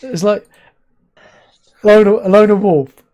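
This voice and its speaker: An excitable man chats loosely on a live stream, laughing a lot and jumping up into high yelps. His voice is mellow and soft-edged, talking into a desk mic. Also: a little slow. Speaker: streamer host. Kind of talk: casual live-stream chat.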